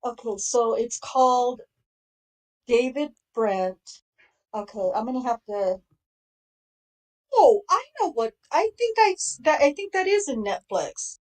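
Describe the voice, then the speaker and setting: A woman's voice: on the high side, expressive, unhurried, long pauses, poor audio. A woman casually chatting on a livestream as co-host, talking freely and laughing often. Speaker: stream co-host.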